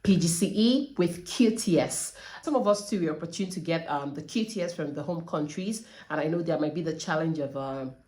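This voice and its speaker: A woman's voice: low voice, fairly quick, warm tone. A woman vlogging casual question-and-answer advice as a trainee teacher, earnest and emphatic, repeating key points and laughing now and then.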